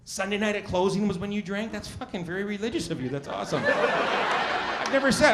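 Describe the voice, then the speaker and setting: A high-voiced man works a comedy club stage, firing off profane jokes and quizzing the crowd. Loud laughter from the audience rolls in behind him. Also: fast. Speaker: stand-up comedian. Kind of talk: stand-up comedy with crowd work.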